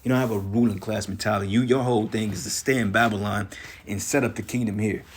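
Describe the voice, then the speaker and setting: A man with a low, husky voice preaches in a heated, profane rant. He scolds his listeners and keeps tagging his lines with "man" as he quotes scripture and rebukes them. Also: steady tone, fast talker. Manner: profane, scolding, repeats "man" at line ends. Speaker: street preacher. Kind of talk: angry religious rant.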